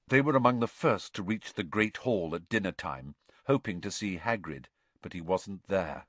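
A male narrator reads a novel aloud with expressive storytelling. His pitch rises and falls in a lively way. The recording is close and dry, with no room sound. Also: normal speed, no room sound. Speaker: audiobook narrator. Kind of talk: scripted audiobook narration.

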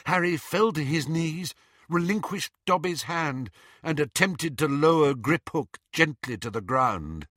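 A male audiobook narrator reads a fantasy story aloud dramatically, giving the characters their own voices. His voice is a little high and unhurried, recorded in studio quality with no echo.

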